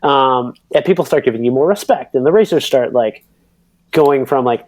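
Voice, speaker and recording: A man's voice: medium pitch, moderate pace, dry recording. Guy in his 30s rambling through a race story on a podcast, fillers everywhere, super dry close mic. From United States. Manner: animated, rambling, lots of fillers and quoted voices. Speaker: podcast guest, pro cyclocross racer. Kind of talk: casual storytelling.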